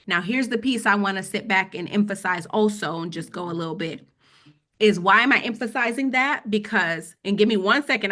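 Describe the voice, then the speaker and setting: A woman's voice: mid-range voice, sharp tone. A woman teaching a casual webinar on finance, chatting with her audience and often checking in with "okay?". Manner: conversational, repeats "okay?" to check in. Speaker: financial educator.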